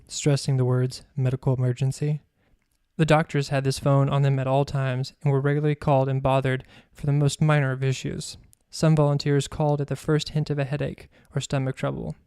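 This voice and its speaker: A man, a podcast host, reading his own memoir aloud in a measured, even storytelling manner. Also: medium pitch, no room sound, studio quality.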